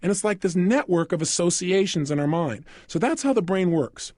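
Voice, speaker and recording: Guy doing a self-help talk, high voice that jumps all over, dry close sound. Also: normal speed, no room sound. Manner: animated, asks listeners questions and acts out quoted voices. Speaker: motivational speaker.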